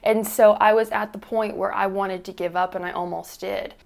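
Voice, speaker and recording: A young woman in her twenties speaks to camera at home in a heartfelt personal vlog. Her tone is earnest and open, with a casual "y'all" now and then, and a medium-pitched voice picked up by a camera mic. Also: steady tone, moderate pace, gravelly. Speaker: YouTuber.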